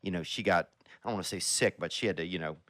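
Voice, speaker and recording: A middle-aged man with a lowish voice swaps crude stories on a podcast, swearing freely and peppering his talk with dude and you know. The sound is dry and close-miked. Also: fast talker, a bit bright, dry recording. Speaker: podcast guest. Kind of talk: casual podcast banter.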